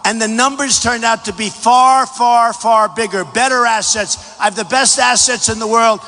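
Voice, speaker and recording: A man delivers a rally speech in a high, bright voice that rings through a huge hangar with a long echo. He is boastful and repeats himself, and he often rises to a shout. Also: steady tone, moderate pace. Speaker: presidential candidate. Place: large packed hangar. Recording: echoey hangar hall.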